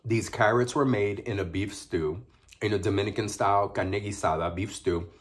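A man's voice: fairly low pitch, steady tone, moderate pace. A man talking casually while eating on his food vlog, savoring each bite with frequent pleased murmurs. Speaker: mukbang vlogger.

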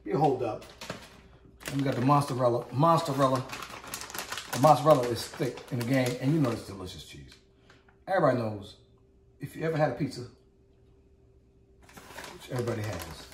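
A man's voice: medium pitch, expressive, normal speed, pauses often, distant mic. A man hosts a home cooking demo, hyped and repeating himself as he calls out to his viewers. His voice jumps around with lots of expression. He sounds a bit away from the mic in an echoey kitchen with faint background hum. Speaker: cooking channel host.

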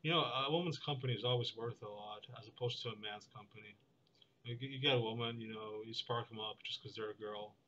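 Rambling young man, bright lo-fi voice. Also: on the low side, quick pace, slight background noise. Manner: meandering, full of fillers and restarts, deadpan. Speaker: vlogger. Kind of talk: rambling monologue.

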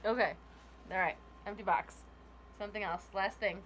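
A woman's voice: medium pitch, steady tone, normal speed, a bit bright, slight background noise. A woman in a casual unboxing vlog, gushing over gifts with lots of laughs and gasps. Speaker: YouTuber opening a gift box.

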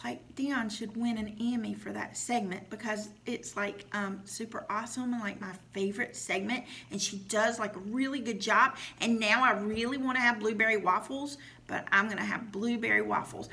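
Young woman, school news presenter, chatty, gushing, lots of "like", bright tone. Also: on the high side, fairly even intonation, moderate pace, few pauses. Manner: chatty, gushing, says "like" a lot.

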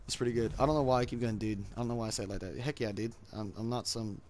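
A man's voice: mid-range voice, fairly even intonation, racing. A man giving casual, rambling commentary while playing a match, mocking himself and saying dude a lot. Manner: rambling and self-mocking, says dude often. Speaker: gamer streaming his match. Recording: loud background noise.

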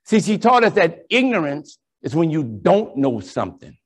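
A high-pitched man, a priest telling stories from the stage. He swings between bright, punchy lines and low, slow punchlines, acting out every quoted voice. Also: breathy edge. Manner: animated, preacherly storytelling with acted-out quotes. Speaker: priest and keynote speaker. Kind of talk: storytelling conference keynote. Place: large conference ballroom.

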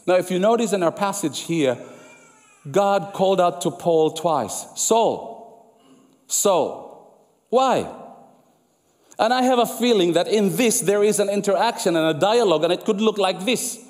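A man preaching a sermon as pastor, emphatic and repetitive, going soft and low when quoting scripture. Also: normal speed. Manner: emphatic preaching, repeats phrases for effect, drops soft and low for quoted words. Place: church sanctuary. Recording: long church hall reverb.

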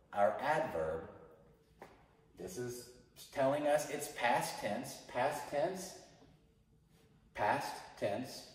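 A male English teacher giving a grammar lesson to a class, speaking slowly and repeating phrases for students to say after him. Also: medium pitch. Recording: echoey hall, mic far off.

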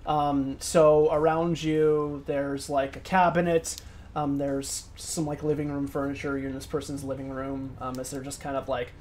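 A man's voice: medium pitch, flat delivery, moderate pace, a little mellow, slight background noise. A man running a tabletop role-playing game as game master, describing scenes in a rambling way with many fillers. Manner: rambling, many ums and likes.

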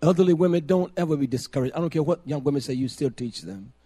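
An older man preaching a sermon, moving from quiet storytelling to loud, emphatic preaching with heavy repetition. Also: a little high, fast talker, slightly rough.

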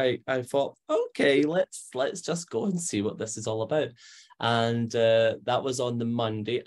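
Scottish man telling stories animatedly. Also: medium pitch. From Scotland. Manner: animated, acts out quoted voices, frequent fillers. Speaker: medium, interview guest. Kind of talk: conversational storytelling.

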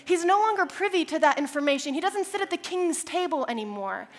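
A woman's voice: extremely high pitch, lively intonation, a little fast. A woman preaching a sermon, telling Bible stories in a conversational way and building to passionate, repeated declarations. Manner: storytelling, conversational asides.

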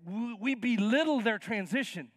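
A man in his fifties delivers a sermon from a church stage, his voice sitting high. He acts out Bible scenes in casual, slangy voices with plenty of energy. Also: normal speed, no room sound. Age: 50s. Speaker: pastor. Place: church sanctuary.

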